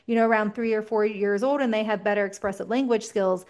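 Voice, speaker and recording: A woman's voice: mid-range voice, fast talker. A woman speaking as a parenting expert in a casual conversation, explaining toddler behavior and acting out what parents and children say. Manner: explanatory, animated, acts out child and parent voices.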